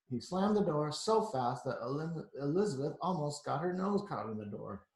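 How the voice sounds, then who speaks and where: A man reading a picture book aloud to children, pausing for chatty asides. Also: fairly high pitch, lively intonation, a little mellow, reverberant. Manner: chatty, adds asides to the kids.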